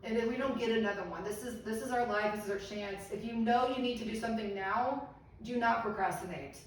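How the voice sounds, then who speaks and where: A woman's voice: fairly high pitch, fairly quick. A middle-aged woman giving a live health seminar, earnest and encouraging, asking the audience questions. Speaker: medical seminar presenter. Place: seminar room. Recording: echoey room from far off, faint noise.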